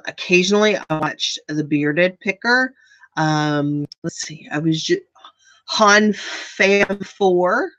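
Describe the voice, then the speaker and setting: A woman with a Midwestern accent and a slight Southern lilt chats casually with her viewers in an unhurried, meandering way. She drifts from thought to thought, full of ums and false starts, at a slow pace. The sound is dry and close, with no room behind her. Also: on the low side, a bit bright, no room sound, highs cut off. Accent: American Midwest, faint Southern. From United States. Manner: rambling, many fillers and restarts. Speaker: vlogger. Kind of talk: casual live chat.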